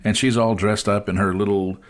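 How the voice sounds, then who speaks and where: A man with a lowish voice tells a long anecdote to his guest, jumping into other characters' voices as he goes. His delivery is casual and chatty, the easy pace of a show host sharing a personal story. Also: fairly quick. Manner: animated storyteller acting out dialogue. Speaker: podcast host.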